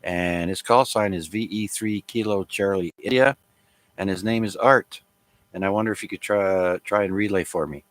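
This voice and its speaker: A man hosting a casual amateur radio net, chatty and relaxed with many fillers. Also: sits low, moderate pace.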